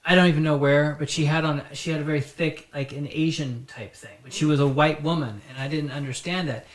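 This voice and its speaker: A man hosting his own podcast, telling stories in a rambling, animated, profane comic style. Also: a little high, a little fast. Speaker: podcast host. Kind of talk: casual comedic storytelling. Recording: roomy echo.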